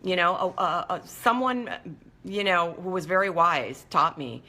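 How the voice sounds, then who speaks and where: A woman hosting a motivational talk show, speaking in an animated, playful way and acting out little voices. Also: fairly low pitch, a little slow. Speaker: show host.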